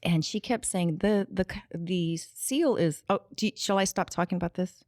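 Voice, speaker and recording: A woman's voice: lowish voice, normal speed, a little mellow, no echo, studio quality. A middle-aged woman chatting as a guest on a podcast. She laughs often and wanders off on tangents. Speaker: interview guest, nonprofit director. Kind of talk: casual podcast conversation. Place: podcast studio.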